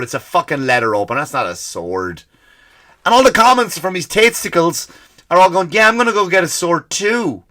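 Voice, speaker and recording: A man's voice: mid-range voice, pushed and bright. A man with a mixed Irish and American accent, hosting a comedy podcast in a profane, exasperated ranting monologue.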